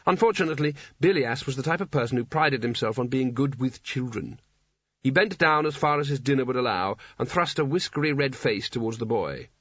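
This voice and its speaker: A man giving a scripted story narration in a dry, wry, measured way. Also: medium pitch, animated, a bit bright, husky, dry recording. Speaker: audiobook narrator. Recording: dull lo-fi dry recording.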